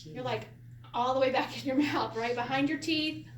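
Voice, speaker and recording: A woman teaching a Hebrew lesson to a class, animated and quick to laugh as she acts out quotes. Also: high voice. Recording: echoey room from a distance, faint hiss.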